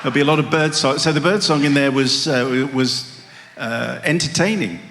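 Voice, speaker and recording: A man's voice: medium pitch, normal speed. A man co-hosting a live show, easygoing and wry as he thanks a guest. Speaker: co-host. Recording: live hall with crowd and noise.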